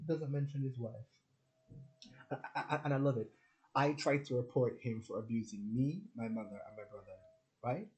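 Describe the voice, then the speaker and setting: A spiritual content creator from Jamaica goes on a rambling, profane rant in an informal monologue, full of restarts and frequent "like." His voice sits at medium pitch with a darkish tone, and the recording is rough.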